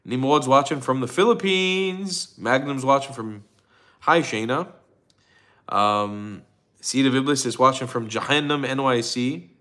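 Tired man, casual livestream host, mid-pitched voice, rambling with ums, greets chat viewers by name. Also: unhurried, pushed and bright. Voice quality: rambling, with restarts and frequent ums. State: tired, yawning.

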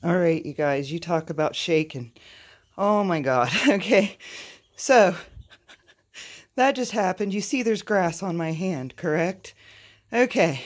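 Excitable, flustered homestead vlogger outdoors. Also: medium pitch, takes it slowly, long pauses. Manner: excitable, chatty, addresses viewers as "you guys", laughs often. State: flustered and jittery. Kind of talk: casual vlog narration to camera. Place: outdoors in a backyard with a quail coop.

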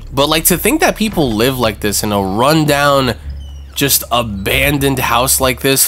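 An excitable man talks over his gameplay in a casual let's-play, swearing and reacting loudly to every scare. His voice sits at an ordinary middle pitch for a man. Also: slight background noise. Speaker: gaming channel host.

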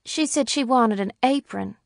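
A woman voicing a nervous, timid sheriff's wife who speaks in a hushed, shrinking way. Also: a little high, normal speed, vocal fry, no echo, studio quality, pitched above the performer's own voice.

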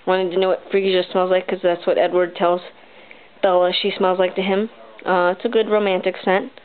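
A woman's voice: lowish voice, little pitch movement, normal speed, smooth. Bubbly young woman, tinny lo-fi audio. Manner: chatty, bubbly, many ums. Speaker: beauty vlogger. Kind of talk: casual product review. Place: her bedroom, indoors.

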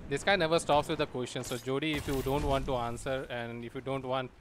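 A man's voice: mid-range voice, fairly even intonation, a little fast, noisy background. A man streaming a game and chatting casually with friends in a laid-back, joking way. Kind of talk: casual gaming voice chat.

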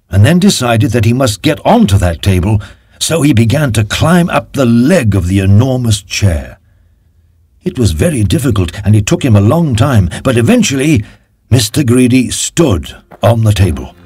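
A man narrating a children's cartoon story, emphatic and expressive. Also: mid-range voice, slightly rough, dry recording, clean studio sound. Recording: faint music behind.

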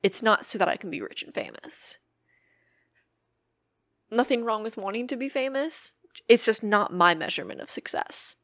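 A woman's voice: mid-range voice, fairly bright tone, dry recording. A woman hosting her own podcast, talking earnestly and emotionally in a personal monologue and swearing freely. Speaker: podcast host.

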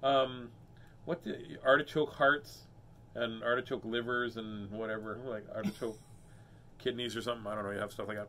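A man's voice: medium pitch, moderate pace, bright, forceful tone. A man reading a children's book aloud as host, breaking off for playful, self-mocking jokes. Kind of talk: storybook read-aloud with joking asides.

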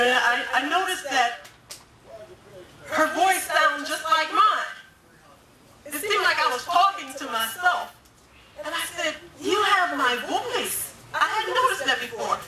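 A woman giving a personal testimony as a guest speaker, telling her story and acting out the voices of people she quotes. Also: sits high. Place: domestic violence awareness walk event. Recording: echoey, distant, crowd noise behind.

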